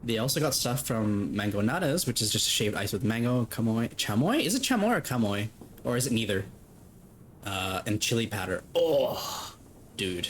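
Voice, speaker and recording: A man's voice: lowish voice, expressive, normal speed, slight background noise. A man streaming a game, chatting casually with his viewers and reading the game's lines aloud. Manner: chatty, laughs, talks to chat.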